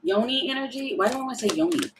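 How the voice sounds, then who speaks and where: A woman's voice: on the high side, lively intonation, fast, noisy background. A woman doing a casual tarot reading, chatty and thinking aloud, often laughing and breaking off. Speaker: tarot reader.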